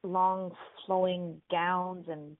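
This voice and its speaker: A woman's voice: lowish voice, flat delivery, extremely slow, dry recording. A woman radio host casually retelling a fairy tale in a chatty way, full of "like" and "you know", over a tinny phone-like line.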